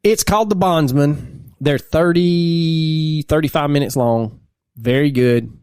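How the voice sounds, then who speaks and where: A man's voice: on the high side, slow pace, a little mellow, clean tone, no echo, clean studio sound. A man, a podcast co-host and teacher, telling stories casually and laughing through them. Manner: laid-back, laughs through his stories. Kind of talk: casual storytelling chat.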